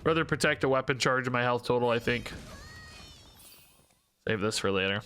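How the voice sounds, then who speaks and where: A man's voice: mid-range voice, normal speed, sharp tone, smooth. A man streaming a card game, thinking aloud, questioning himself and joking between plays. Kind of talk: live-stream gameplay commentary.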